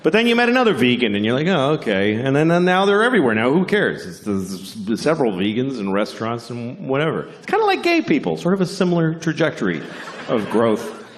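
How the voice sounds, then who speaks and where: A man doing a stand-up comedy set, telling stories in a deadpan, unhurried way and jumping into high character voices. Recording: live venue with audience laughter.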